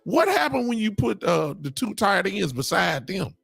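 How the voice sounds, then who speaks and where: A man hosting a sports podcast, talking excitably and preaching to his listeners. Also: high voice, unhurried, creaky, hardly any pauses, slightly rough, no echo. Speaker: podcast host. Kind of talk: animated sports talk.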